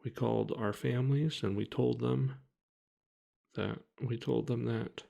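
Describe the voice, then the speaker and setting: Slow, gravelly-voiced man telling his story. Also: medium pitch, steady tone, lo-fi sound. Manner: halting, many restarts, quiet and heavy. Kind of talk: personal account told to camera.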